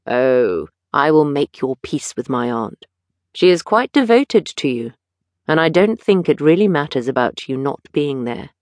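A woman voicing a witty, languid aristocratic gentleman with a drawling, teasing manner. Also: low-pitched, big pitch swings, measured pace, no echo, studio quality. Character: languid witty older aristocrat, mildly mocking.

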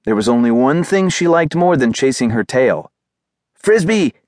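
A man narrates a children's audiobook with expressive storytelling at a normal speed. His voice is mid-range, and the recording is dry with clean studio sound.

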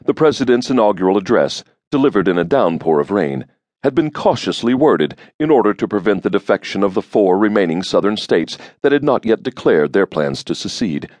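Deep-voiced male audiobook narrator. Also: fairly quick, dry recording. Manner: steady, grave storytelling. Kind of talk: scripted narration. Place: studio booth. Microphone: close studio mic.

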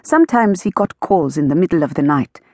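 A woman narrating an audiobook in a steady storytelling manner, lightly amused. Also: sits low, a little fast, dry recording, studio quality.

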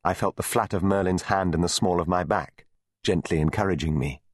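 A man narrating an audiobook for children with lively storytelling. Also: deep voice, brisk, slightly rough, no echo, clean studio sound. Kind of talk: scripted narration.

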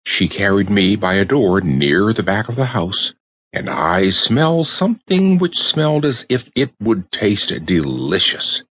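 A man voicing a cheerful, earnest rag doll girl who leads her friends, in a bright, eager storybook voice. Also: fairly low pitch, big pitch swings, measured pace, dry recording, full character voice.

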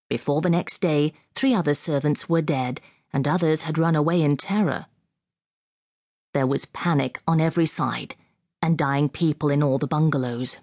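A woman reading a classic novel as an audiobook narrator in a measured, expressive way, close on a studio mic. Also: low-pitched, no echo.

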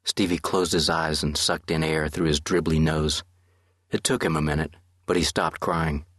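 A man narrates an audiobook in a steady, measured way. His voice is very low and husky, recorded close and dry with no room sound. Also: no room sound. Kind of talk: scripted narration.

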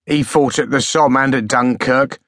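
A man's voice: mid-range voice, fairly even intonation, normal speed, fairly bright tone, no echo, studio quality, close to an everyday voice. A man voicing a bitter, wasted ex-soldier. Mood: scolding. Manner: spluttering, scolding.

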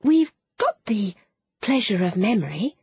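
A woman's voice: mid-range voice, sing-song, measured pace, breathy edge, muffled recording, pitched above the performer's own voice, exaggerated voice. A woman voicing a cheerful young girl who tries to lift the mood. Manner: bright and encouraging.

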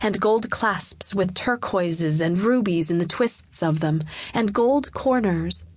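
A woman narrating a children's storybook in a slow, storyteller-like way. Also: medium pitch, no echo. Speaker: audiobook narrator.

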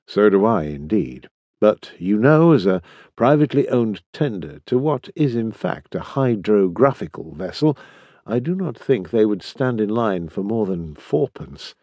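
A man voicing a seasoned naval captain who speaks in a measured, low-key, courteous way. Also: very animated, warm tone, no room sound, muffled recording, heavily acted. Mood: steady. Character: hearty seasoned male ship captain.

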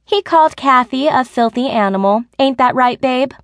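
A woman's voice: high-pitched, normal speed, no room sound, pitched above the performer's own voice. A woman narrator voicing Becky, a brash and teasing woman office friend, in an audiobook. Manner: teasing, brassy.

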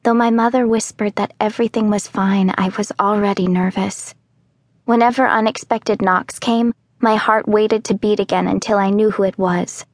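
A woman narrating a children's audiobook in the first person, telling the story calmly and clearly. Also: mid-range voice, moderate pace, dry recording. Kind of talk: scripted narration.

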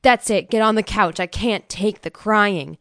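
A woman's voice: medium pitch, measured pace, dry recording, clean studio sound, natural voice. A woman voicing a brutal, taunting hitman. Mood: angry. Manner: taunting, threatening. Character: brutal menacing male hitman.

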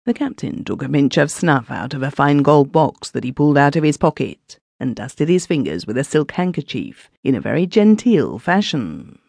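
Woman narrating an old story, first person villager, dry close mic, a bit gravelly. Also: deep voice, very animated, normal speed, few pauses, darkish tone, no echo. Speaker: audiobook narrator. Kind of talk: scripted narration of a classic story.

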